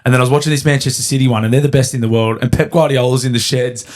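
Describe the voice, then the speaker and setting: Australian man, podcast host, sweary, rambling, middle pitch. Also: fairly even intonation, rapid-fire. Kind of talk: casual chat.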